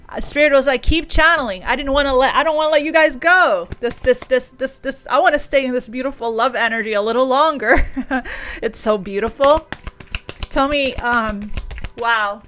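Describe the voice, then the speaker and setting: Woman doing a tarot reading, super emotional, keeps repeating stuff, bright voice. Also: on the high side, slight background noise. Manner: gushing, emotional, repeats words. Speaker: tarot reader.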